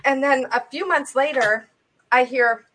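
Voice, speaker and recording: A woman who is a guest on a talk show, telling a personal faith story in a loose, conversational way and acting out the dialogue with big jumps in pitch and loudness. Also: steady tone, unhurried, slight background noise. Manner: loose and conversational, with many fillers.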